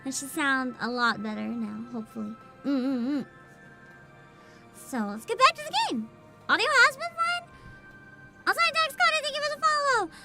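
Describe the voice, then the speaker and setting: A woman streaming a video game in casual chat, excitable, often shrieking, laughing and swearing. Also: high-pitched, normal speed, pauses often. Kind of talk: casual gaming livestream. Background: game music.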